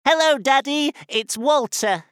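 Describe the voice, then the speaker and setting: A woman's voice: high-pitched, unhurried, no room sound, clean studio sound. A woman voicing a cheeky, sarcastic schoolboy, the mayor's son, in a full-cast audiobook.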